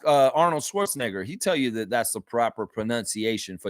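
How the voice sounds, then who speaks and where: A man hosting a casual sports chat stream, reading viewer comments aloud and reacting to them in an animated way. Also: medium pitch, brisk, no room sound, clean studio sound. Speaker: livestream host.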